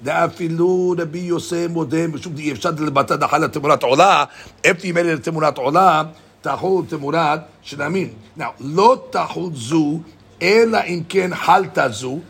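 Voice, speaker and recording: A man teaching a casual Talmud study lesson. He reads the text off rapidly, then explains it in English, often stumbling and repeating words. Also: fairly high pitch, creaky, a bit bright, husky.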